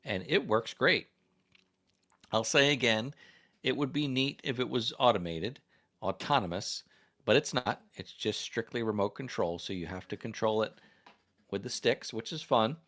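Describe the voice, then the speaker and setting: A man's voice: mid-range voice, lively intonation, normal speed, fairly bright tone. An American man hosting a casual livestream, chatting in a rambling way as he reads viewer comments and puts questions to the audience. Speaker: livestream host. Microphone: desk microphone.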